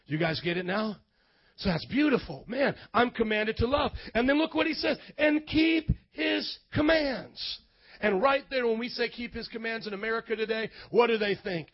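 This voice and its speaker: A male pastor preaching a sermon in a church, shouting emphatically and calling for amens. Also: sits high, animated, brisk, lo-fi sound. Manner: emphatic, shouting, call-and-response.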